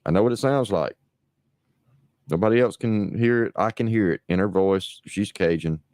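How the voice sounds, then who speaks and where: A man's voice: lowish voice, normal speed, a little mellow, dry recording, studio quality. A middle-aged man from New Orleans, hosting a livestream and riffing in a crude, rambling, sarcastic way. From New Orleans, USA. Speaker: livestream host. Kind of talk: casual mocking livestream commentary.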